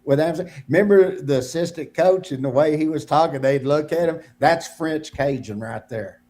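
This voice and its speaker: A man's voice: a little high, moderate pace, warm tone, slight background noise. A man co-hosting a podcast, telling stories in a rambling, repetitive way. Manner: rambling storyteller, repeats himself. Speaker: podcast co-host. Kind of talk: casual podcast chat.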